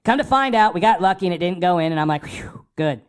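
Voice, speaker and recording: Excitable, foul-mouthed man recapping hockey. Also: sits high, rapid-fire, clear, resonant tone. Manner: excitable, profane fan talk; acts out his own remarks in quotes. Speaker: hockey podcast host. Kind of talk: casual sports podcast recap.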